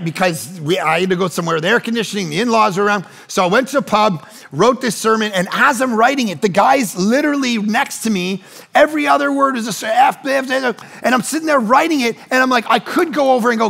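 A middle-aged man preaching a sermon as pastor, telling stories conversationally with quick asides and animated re-enactments of the people he quotes. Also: high-pitched, vocal fry. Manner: conversational storytelling with rapid asides.

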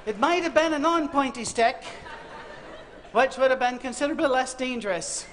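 Guy preaching a jokey sermon, high voice, does little voices for the people in the story, bit of background hiss. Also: fairly bright tone. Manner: comic storytelling, acting out voices. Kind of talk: humorous sermon. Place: university auditorium.

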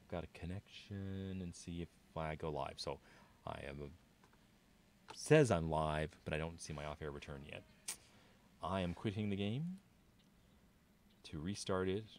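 Deep-voiced male streamer, casual running commentary while he plays. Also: a little hiss or hum. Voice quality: low voice. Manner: rambling, thinking aloud to viewers. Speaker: game streamer.

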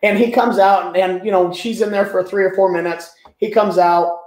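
A man's voice: high-pitched, steady tone, normal speed, darkish tone. A man who tells stories animatedly as a guest in a business interview, often repeating words as he talks. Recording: echoey room.

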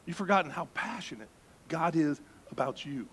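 A man preaching with a somewhat high voice. He is lively and conversational, drops joking asides and leans hard on key words as he delivers his sermon. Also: normal speed, husky. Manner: animated, joking asides with bursts of emphasis. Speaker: pastor.

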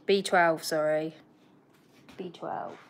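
A woman's voice: sits low, steady tone, slow. A young woman hosting a casual livestream about her pet bird, chatting and giggling as she talks to the bird and the viewers. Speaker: pet bird channel host.

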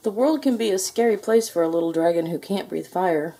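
A woman reading a children's picture book aloud, with lively, expressive delivery. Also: on the low side, brisk, gravelly, husky. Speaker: storybook reader. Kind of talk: children's storybook read-aloud.

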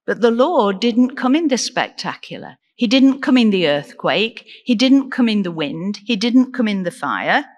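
A woman deacon preaching a sermon in an earnest, measured way, asking the congregation questions. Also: fairly high pitch, sing-song, in a large hall. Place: church.

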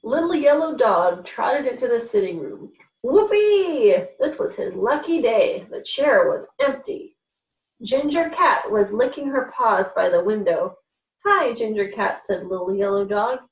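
A woman hosting a children's reading program, reading picture books aloud in a gentle, animated way and giving the characters voices. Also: a little high, a little slow. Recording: echoey room, a little far from mic.

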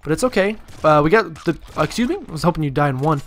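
A man's voice: on the high side, animated, quick pace. A man giving casual gameplay commentary, rambling and self-deprecating with jokey asides. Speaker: let's play commentator.

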